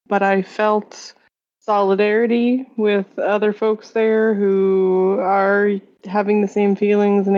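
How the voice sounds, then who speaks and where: A woman joins a podcast from home over a remote link, so her voice comes through muffled and lo-fi. Her tone is mellow and dark. She talks in a reflective, halting way. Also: medium pitch. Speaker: podcast guest. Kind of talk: casual podcast chat. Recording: lo-fi remote call audio.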